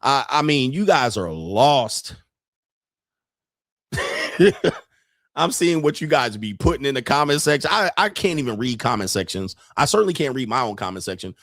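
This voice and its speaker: A man's voice: medium pitch, moderate pace, long pauses, no echo. Blunt, profane man with dry sound. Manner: blunt, profane, laughs often, rises to animated disbelief. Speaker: podcast host. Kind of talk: casual commentary monologue.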